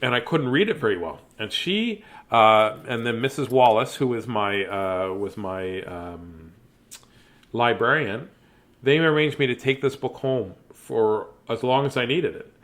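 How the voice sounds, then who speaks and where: A man's voice: medium pitch, unhurried, a bit bright. A man hosting a bedtime story reading, chatty and playful, laughing and riffing between pages. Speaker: host reading children's books aloud. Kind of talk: casual read-aloud storytelling.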